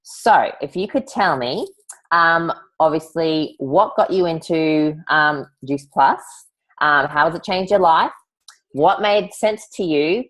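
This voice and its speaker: Low-voiced woman hosting a video call. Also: slow, fairly bright tone, poor audio. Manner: chatty, calls guests honey and darling. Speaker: online event host.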